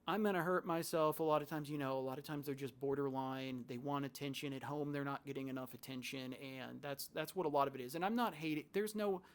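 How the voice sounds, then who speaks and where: A man who once worked in a psychiatric hospital tells stories to camera, loose and rambling, full of restarts and quoted asides. His mid-range voice stays fairly even and moves quickly with hardly any pauses.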